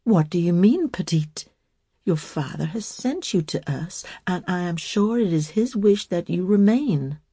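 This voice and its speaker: A woman voicing a stern, possessive older woman who speaks with sharp resentment in a storybook reading. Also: fairly low pitch, expressive, measured pace, husky, no room sound, clean studio sound. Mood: firm.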